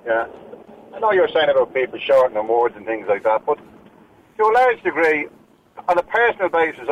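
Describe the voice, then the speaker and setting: A man's voice: mid-range voice, a little hiss or hum. A man with a Dublin Irish accent calling into a radio show, speaking earnestly and hesitantly, often repeating words. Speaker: radio caller. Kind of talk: phone-in call. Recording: tinny phone line.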